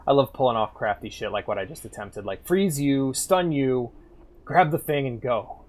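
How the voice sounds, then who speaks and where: A man streaming a game and chatting casually, loud and animated, swearing and laughing as he plays. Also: mid-range voice, normal speed. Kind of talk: casual gaming stream chat.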